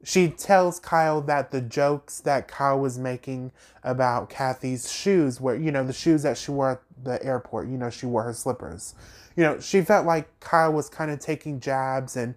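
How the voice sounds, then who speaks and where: A man hosting a podcast, recapping and ranting about reality TV in an animated, emphatic way with sassy asides. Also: mid-range voice, moderate pace. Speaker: podcast host.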